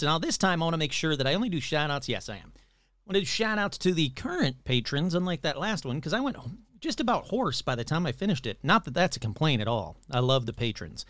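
Upbeat, lively-voiced podcast host man. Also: fairly high pitch, brisk, dry recording. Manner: upbeat and playful, reeling off listener names. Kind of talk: casual solo podcast chat.

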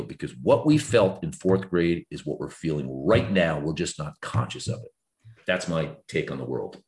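A man in his fifties, a guest author, talking earnestly and reflectively in a podcast conversation. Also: normal speed. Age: 50s. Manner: earnest, reflective, lively swings in pitch when explaining.

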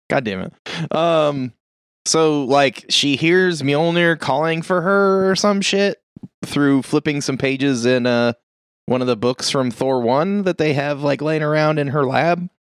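A man's voice: a little high, takes it slowly, smooth, dry recording, clean studio sound. A man casually recapping a movie for friends, rambling with lots of fillers and swearing. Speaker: podcast co-host recapping a movie.

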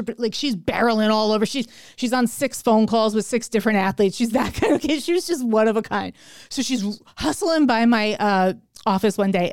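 A middle-aged woman co-hosting a podcast, telling a story in a casual, animated way, laughing and acting out the lines she quotes. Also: medium pitch, clear, resonant tone, dry recording. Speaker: podcast co-host.

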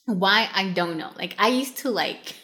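A woman's voice: medium pitch, unhurried. A young woman co-hosting a casual chat, talking in long rambling runs full of "like" and acting out what other people said. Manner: rambling, filler-heavy, animated quoting of others.

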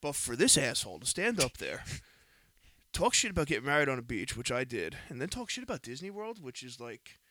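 A man spins a heated story in a casual podcast chat, swearing freely and getting louder as he goes. His voice sits at an ordinary pitch, heard close and dry with no room around it. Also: brisk, dry recording. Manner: animated, profane, heated retelling.

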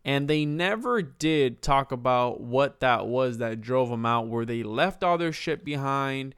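Guy on a podcast telling a spooky story, swears a lot, smooth voice, dry close sound. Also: mid-range voice, animated, unhurried, a bit bright, dry recording. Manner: loose, profane storytelling with restarts. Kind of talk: casual podcast chat, retelling a haunting story.

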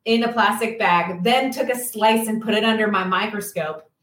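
A woman's voice: mid-range voice, normal speed, fairly bright tone. Woman co-host, casual matter-of-fact chat, echoey room. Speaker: podcast co-host. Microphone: video call. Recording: roomy sound, far from the mic.

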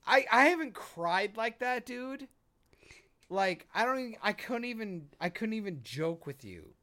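An excitable man gushing over a show, his voice swooping all over the place yet unhurried and drawn out. He is emphatic and swears freely, and thumps the desk near the mic as he talks. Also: high voice. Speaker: podcast co-host. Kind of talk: casual pop-culture chat. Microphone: desk mic, bumped while he hits the desk.

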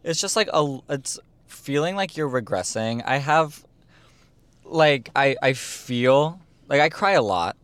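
A man's voice: mid-range voice, animated, a bit bright, smooth, no room sound. A young man co-hosting a casual podcast, speaking openly and supportively about personal feelings. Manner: open, supportive listener, speaks quickly in bursts. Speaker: podcast co-host. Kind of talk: casual chat.

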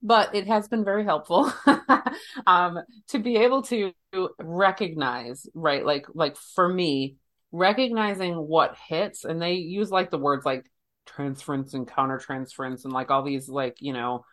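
Woman counselor, low voice, casual, searching speech. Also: a little slow, fairly bright tone. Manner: searching, loose phrasing with many fillers. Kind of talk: casual conversation.

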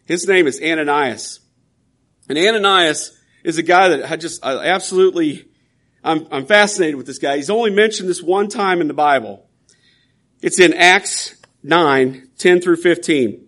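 A man's voice: a little high, moderate pace, a bit bright. A man preaching a sermon in an earnest, emphatic, conversational way, often restarting his sentences.

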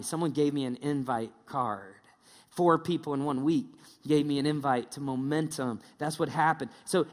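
A man's voice: a little high, in a large hall. A male pastor preaching a casual, joking sermon, slipping into mocking impressions.

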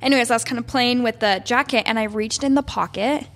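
A woman's voice: fairly high pitch, fast talker, a bit bright. A young woman co-hosting a podcast, chatting casually and telling a personal story with many ums and likes. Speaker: podcast co-host. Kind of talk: casual chat.

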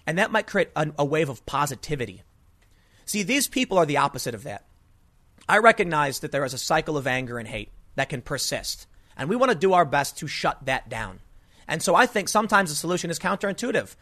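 A man's voice: fairly high pitch, expressive, fairly quick, pushed and bright. A man giving an emphatic, indignant opinion monologue, telling stories with frequent restarts. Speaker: political commentator.

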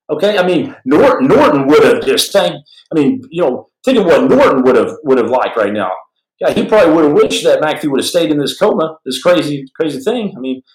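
A man's voice: a little high, reverberant, rough recording. A man hosting a podcast, telling a story dramatically with asides to his listeners. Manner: dramatic, shifting voice for quoted people, frequent restarts and asides to listeners. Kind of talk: animated spoken storytelling.

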